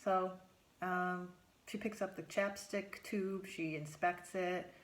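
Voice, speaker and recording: A middle-aged woman, a therapist, telling a first-person story, acting out her own lines in a higher voice and dropping to a whisper for her inner thoughts. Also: fairly even intonation, slow pace.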